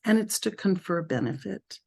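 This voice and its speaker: A woman leading a spiritual group through a reflective talk, speaking thoughtfully with pauses and self-corrections. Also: mid-range voice, lively intonation, vocal fry, a little mellow.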